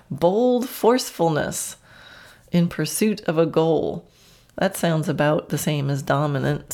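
A woman hosts her own horse-training podcast, talking through ideas in a relaxed, reflective way and laughing often at herself. Her voice sits notably low for a woman, warm and conversational. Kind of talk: solo podcast talk.

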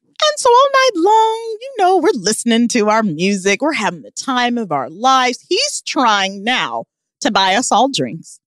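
A woman spins a comic tale, her pitch leaping wildly between lines as she laughs and exclaims. Her voice sits a little high and is recorded close and dry, as in a podcast studio. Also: a little slow, no echo. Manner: animated, emphatic storyteller who laughs often. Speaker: podcast co-host. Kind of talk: casual comedic storytelling.

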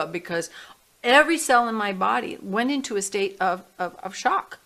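A middle-aged woman, a guest on an interview show, tells a personal story in a lively way and acts out the voices in her head. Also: medium pitch, moderate pace. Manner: animated storyteller, acting out her inner voices. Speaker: guest, healing music artist.

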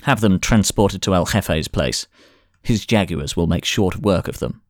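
A man's voice: low voice, a little slow, no echo, studio quality. A man doing a sneering Russian spy chief. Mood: commanding. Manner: sardonic, condescending. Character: menacing Russian intelligence officer, middle-aged man, cold and mocking.

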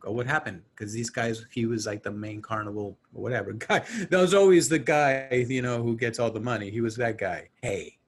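A man's voice: mid-range voice, fairly quick, hardly any pauses, breathy edge. A man co-hosting a podcast, chatting casually about a film and acting out its characters. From Mexican-American. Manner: animated, acts out film characters. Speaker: podcast co-host. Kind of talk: casual movie chat.

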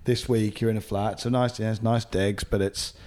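A man's voice: fairly low pitch, steady tone, normal speed, darkish tone. A man hosting a podcast, joking and chatting casually with his guests. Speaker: podcast host. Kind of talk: casual chat.

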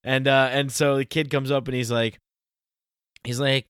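A man in casual talk, rambling with many restarts and slowing down to stress his points. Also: mid-range voice, flat delivery, a bit bright, clean tone, no room sound, clean studio sound. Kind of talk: casual chat.

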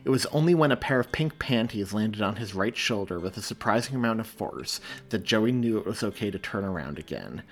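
A man, the author, reading his own story aloud in a measured, expressive audiobook narration. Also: fairly low pitch.

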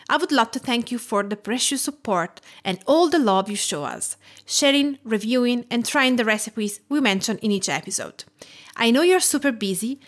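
A woman from Tuscany with an Italian accent, hosting a food podcast and reading her intro in a measured way. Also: on the high side, fairly bright tone. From Tuscany, Italy. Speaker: podcast host. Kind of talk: scripted podcast intro and interview.

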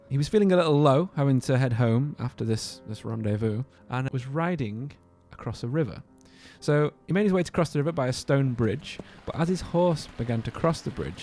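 A man's voice: mid-range voice, darkish tone. Man, podcast co-host, jokey rambling storyteller, faint music underneath. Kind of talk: casual podcast chat.

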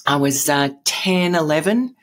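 A middle-aged Australian woman with a low-pitched voice and lively intonation speaks unhurriedly as a guest columnist in a conversational interview. She tells stories in a rambling way, with many fillers and restarts.

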